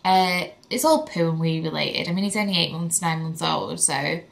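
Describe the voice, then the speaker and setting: Young woman, chatty, candid, somewhat low-pitched, casual vlog talk. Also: animated, moderate pace, gravelly. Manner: chatty and candid, many fillers. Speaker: vlogger, mother. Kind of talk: casual chat to camera.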